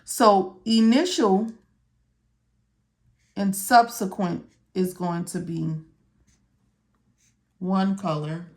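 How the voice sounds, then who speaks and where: Her voice sits on the low side, with vocal fry and a darkish tone. She's an instructor guiding students step by step through medical coding notes in a relaxed way, repeatedly asking "okay?" and "all right?" to check they're following.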